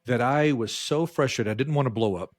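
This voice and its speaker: A man co-hosting a podcast, telling a work story in casual chat and jumping his voice up high when he quotes people. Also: a little fast. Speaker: podcast co-host.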